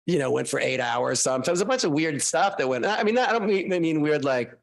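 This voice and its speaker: A man, a guest author, telling animated, self-mocking stories casually to a class. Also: fairly high pitch, fairly quick, vocal fry.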